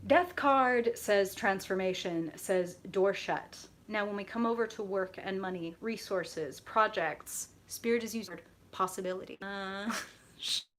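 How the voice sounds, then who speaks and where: A woman's voice: mid-range voice, a little slow, a bit bright, slight background noise. A woman hosting a live tarot reading, chatting casually with viewers, laughing often and swearing now and then. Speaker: tarot reader hosting a livestream.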